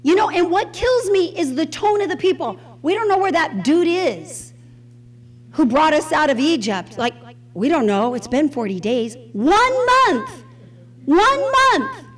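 A woman leads a Bible study with a high voice that leaps up and down. She teaches in an expressive, conversational way and puts questions to her listeners. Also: moderate pace, rough recording.

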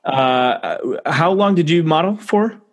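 A man's voice: a little high, expressive, slow, a little hiss or hum. A man hosting a podcast, asking curious questions and often restarting his sentences. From United States. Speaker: podcast host. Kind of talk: interview questions.

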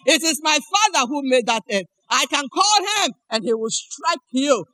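A woman's voice: sits high, lively intonation, moderate pace, bright, forceful tone, dry recording. A woman preacher acting out her fearless devout mother, commanding and defiant in a sermon.

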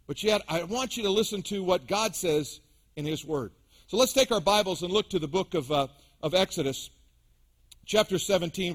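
A man preaching a sermon as pastor to his congregation, with emphatic rises and drops. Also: sits high. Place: church sanctuary.

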